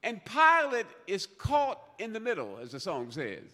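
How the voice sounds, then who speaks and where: High, bright-voiced preacher in a reverberant hall. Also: male voice, wildly swooping pitch, normal speed. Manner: emphatic, repeats phrases and builds to loud peaks. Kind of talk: sermon.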